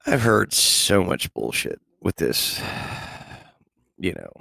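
A man's voice: deep voice, huge pitch swings, takes it slowly, vocal fry, bright, forceful tone, no room sound, clean studio sound. A man talking casually and profanely in a rambling monologue, laid-back and chuckling often.

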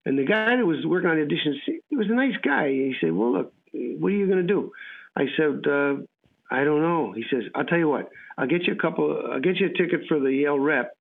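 A man's voice: a little high, animated, quick pace, vocal fry. A man, an actor being interviewed, telling rambling stories and acting out what people said. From United States. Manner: rambling storyteller, acts out dialogue. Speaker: actor guest. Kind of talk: casual anecdotal interview. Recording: tinny phone-like radio line.

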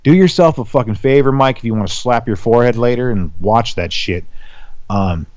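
A man's voice: mid-range voice, a little fast, a little mellow, no echo. A young adult man on a podcast, talking in a profane, heated rant. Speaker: podcast co-host. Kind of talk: casual chat. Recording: dull lo-fi sound.

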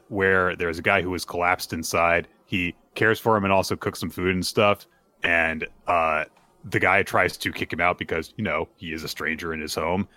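A man hosting a podcast, retelling a manga chapter in a casual, animated and playful way. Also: low voice. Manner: animated, playful, acts out characters. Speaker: podcast host.

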